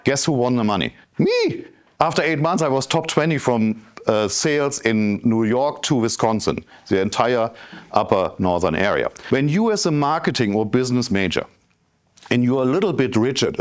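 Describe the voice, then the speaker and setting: A man in his fifties from Germany with a German accent, giving a motivational talk as a business coach and telling his story straight to the audience. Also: fairly low pitch. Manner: animated storytelling, addresses the audience directly.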